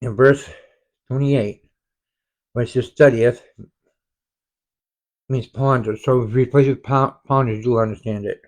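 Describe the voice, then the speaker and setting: Brief: man, unhurried Bible study leader, halting reads with self-corrections, mid-pitched voice. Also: steady tone, a little mellow. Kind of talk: slow verse-by-verse scripture reading with explanations. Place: home, online group study.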